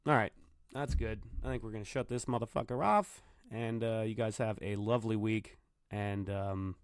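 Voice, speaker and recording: A man's voice: mid-range voice, a little mellow, smooth, no echo, clean studio sound. A man hosting a solo podcast, rambling through stories and swearing freely. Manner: profane, rambling storyteller. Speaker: podcast host, bartender. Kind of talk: casual solo podcast monologue. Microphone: computer microphone.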